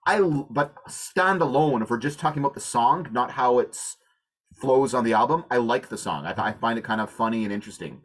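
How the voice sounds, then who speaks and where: A man's voice: mid-range voice, expressive, fairly quick. A man with an ordinary mid-range voice speaks on a review panel. He is easygoing and often hedges with "I don't know.". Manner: easygoing, hedging, trails into 'I don't know'. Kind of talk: casual panel discussion.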